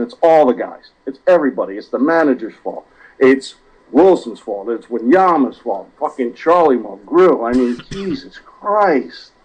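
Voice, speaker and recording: A man's voice: medium pitch, darkish tone. Profane ranting man, muffled. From South Jersey, USA. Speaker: regular caller. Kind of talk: casual podcast chat.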